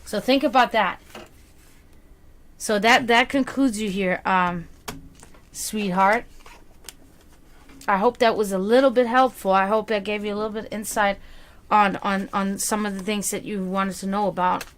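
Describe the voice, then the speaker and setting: A woman's voice: mid-range voice, steady tone, measured pace, long pauses, a little hiss or hum. A woman with a German accent, German her first language, rambling through a tarot reading on a live stream, using pet names and plenty of fillers. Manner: rambling, filler-heavy, affectionate. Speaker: psychic reader.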